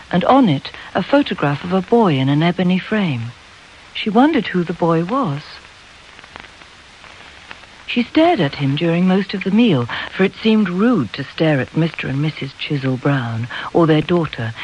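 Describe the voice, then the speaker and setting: A measured audiobook narrator with a mid-range voice who slows down to linger on key words. The reading comes through a slightly dull, lo-fi recording. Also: mid-range voice, lively intonation, slight background noise. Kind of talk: scripted narration.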